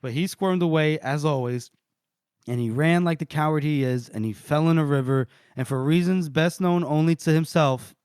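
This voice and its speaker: A man's voice: a little high, moderate pace, clean tone, dry recording, studio quality. A man co-hosting a podcast who recaps a novel in casual talk, reading out and acting the quotes with relish. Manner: animated retelling, reading out and voicing quotes. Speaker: podcast co-host. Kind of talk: casual book-recap chat.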